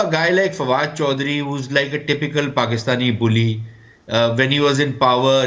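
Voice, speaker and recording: A man's voice: medium pitch, a bit bright. Combative man on a dull feed. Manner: blunt and combative. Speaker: panelist. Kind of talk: heated TV debate.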